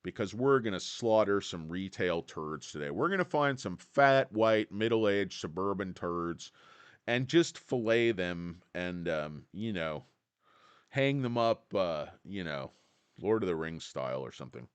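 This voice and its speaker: A man voicing a crude, sneering male market insider in his own low voice. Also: animated, unhurried, clean tone, dry recording.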